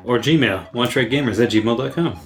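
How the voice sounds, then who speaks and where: A man co-hosting a podcast who tells things in a relaxed, plain-spoken way. His voice sits at an everyday middle pitch, with soft music faint in the background. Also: normal speed. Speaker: podcast co-host. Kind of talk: casual chat.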